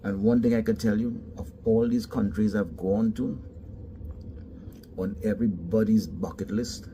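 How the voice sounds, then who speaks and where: Caribbean-accented man, casual emphatic talker, low warm tone, light background noise. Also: fairly even intonation, unhurried. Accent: Caribbean English. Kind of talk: casual monologue.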